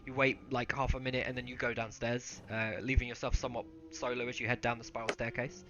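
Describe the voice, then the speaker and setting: A man running a tabletop game, narrating scenes in a relaxed, hesitant way full of ums and uhs. His voice is bright and sits at a middle pitch. The audio is slightly muffled, with faint music behind. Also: fast. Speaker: game master.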